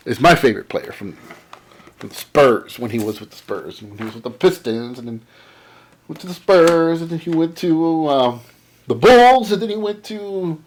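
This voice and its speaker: A man casually showing off a haul of collectibles, enthusiastic and rambling, repeating how awesome things are. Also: fairly high pitch. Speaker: comic and card collector vlogger. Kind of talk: casual haul show-and-tell.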